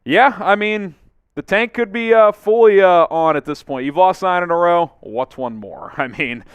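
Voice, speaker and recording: A man hosting a live sports talk stream from a studio. He reads out viewers' names and chat comments and gives shout-outs in an upbeat way. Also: high-pitched, normal speed, clean tone, dry recording, dull audio. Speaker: sports show host.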